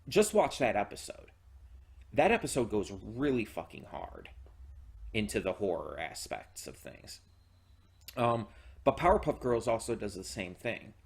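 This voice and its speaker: A man hosting his own channel, talking casually and enthusiastically with lots of fillers, restarts and swearing. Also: on the low side. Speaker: reaction channel host. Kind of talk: casual solo commentary.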